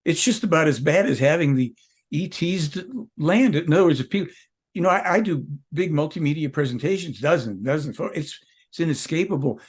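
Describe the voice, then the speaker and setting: A man's voice: fairly high pitch, fairly quick, slightly rough. A man speaking as an interview guest, rambling and emphatic, jumping from point to point. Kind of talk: casual interview talk.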